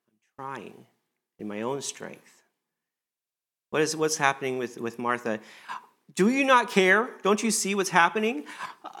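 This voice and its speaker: A man giving a sermon in a church service, speaking at an ordinary middle pitch. His delivery is conversational and earnest, and he rises in pitch when he acts out the words of the people in his text. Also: fairly bright tone. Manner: conversational, earnest, often acts out quoted lines with rising pitch. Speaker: preacher.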